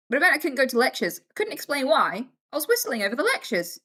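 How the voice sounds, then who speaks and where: A woman streaming live, chatting casually with her viewers in a fairly high, bright voice. Her delivery is very animated, with pitch swinging widely as she tells stories. She talks candidly, swears freely and slips into other people's voices. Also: fast talker, few pauses, slightly rough. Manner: animated storyteller who acts out other voices. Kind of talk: casual chat answering viewer questions.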